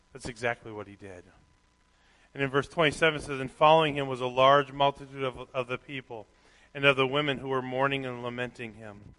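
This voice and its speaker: A man preaching a sermon, reading scripture aloud and swinging from quiet reflection to loud, animated emphasis. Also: mid-range voice. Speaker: pastor. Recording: long hall reverb.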